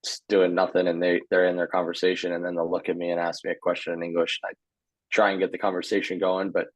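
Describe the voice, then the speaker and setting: A man's voice: low-pitched, fast talker, dry recording, rough recording. A young man in his twenties, a guest on a podcast, speaking casually and a little hesitantly. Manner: relaxed, hesitant with fillers, chuckling. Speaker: guest, hockey player. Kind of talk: casual interview chat.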